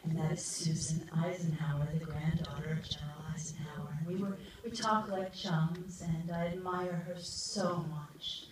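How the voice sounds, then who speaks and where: A middle-aged woman giving an earnest, heartfelt speech at an outdoor memorial ceremony, pausing often as she speaks into a podium microphone. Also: sits low, little pitch movement. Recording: echoey PA from far off, noisy.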